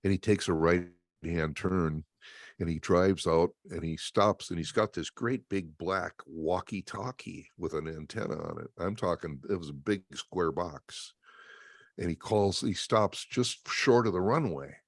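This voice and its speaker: A man telling stories in an interview, emphatic and animated, laughing often. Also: low-pitched, unhurried, dry recording, studio quality. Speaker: interview guest and motivational speaker. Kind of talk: storytelling in an interview.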